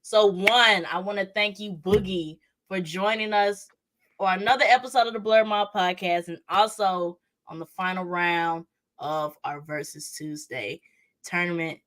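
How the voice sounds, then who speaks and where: A woman's voice: fairly low pitch, fairly even intonation, measured pace, fairly bright tone. A woman co-hosting a podcast, chatting casually and laughing often. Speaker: podcast co-host. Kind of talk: casual chat.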